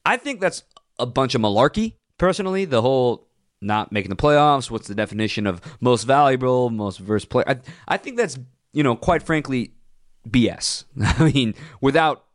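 A man hosts a sports radio show in a close, dry studio sound. He rants with opinionated, punchy emphasis, his voice leaping up in pitch when he drives a point home. His pitch sits in a middle range for a man. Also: moderate pace, no room sound. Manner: animated, ranting, punchy emphasis with sudden pitch jumps.

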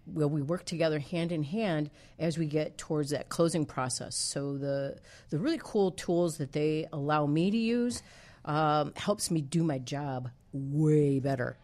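Upbeat lady real estate agent guest, kinda low voice. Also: normal speed, a little mellow. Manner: upbeat, enthusiastic. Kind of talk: casual interview.

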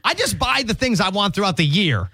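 A young man hosting a morning radio show, talking in an upbeat, animated way and laughing easily. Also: sits high, brisk, vocal fry, dry recording. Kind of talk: casual radio banter. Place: radio studio.

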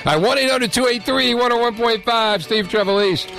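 A man's voice: very high-pitched, fairly quick, gravelly, fairly bright tone, faint music behind. A male radio host running a call-in show, joking and bantering energetically. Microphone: studio microphone.

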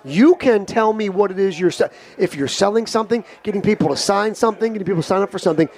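High-pitched guy, brash and jokey, hosting a loose comedy chat. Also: quick pace, darkish tone. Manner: brash, joking, plays out scenarios. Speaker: host.

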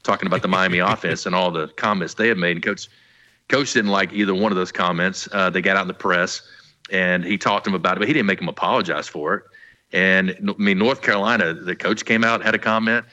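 A man's voice: low-pitched, fairly even intonation, fast talker, pushed and bright, lo-fi sound. A man, a former college football player, co-hosting a sports talk show in a rambling, easygoing way with many restarts.

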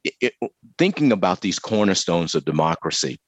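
A man co-hosting a talk show, speaking earnestly with halting restarts. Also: deep voice, big pitch swings, husky, dry recording. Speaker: co-host. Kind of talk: conversational radio talk.

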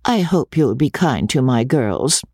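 A man's voice: medium pitch, big pitch swings, a little slow, darkish tone, slightly rough, no echo, studio quality. A man voicing a meek, tearful elderly lady of the house, speaking humbly and anxiously. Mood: pleading.

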